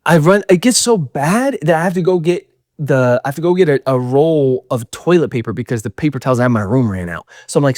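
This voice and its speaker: A young man tells a personal story fast and candidly, tumbling through fillers and quoting his own thoughts. His voice sits at an ordinary middle pitch. The sound is dry and close, with no room around it. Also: a little mellow, no room sound. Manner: rambling, candid, full of fillers and self-quotes. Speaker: podcast host telling a story. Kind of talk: casual storytelling.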